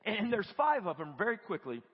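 A man preaching a lively, conversational sermon in a church and acting out what people say. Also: high-pitched, brisk, breathy edge. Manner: animated, conversational, acts out quoted voices. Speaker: guest preacher. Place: church sanctuary. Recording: dull lo-fi audio with long church reverb.

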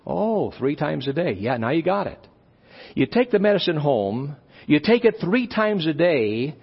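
A male pastor preaching a sermon, animated, acting out little dialogues as he goes. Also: fairly high pitch, measured pace, slightly rough. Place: church conference hall. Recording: dull live recording in a reverberant hall.

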